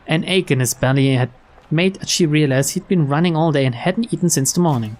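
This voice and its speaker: A young man reading a visual novel aloud, mixing flat narration with casual, chuckling asides. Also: fairly high pitch, brisk. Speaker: let's player.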